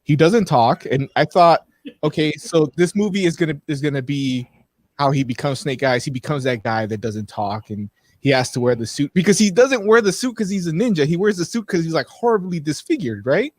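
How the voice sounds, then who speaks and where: Man, co-host, casual rambling talk, slightly high pitch, dry recording. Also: expressive, brisk, no room sound. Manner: rambling, restarts, frank opinions. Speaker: podcast co-host. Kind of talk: casual live-show chat.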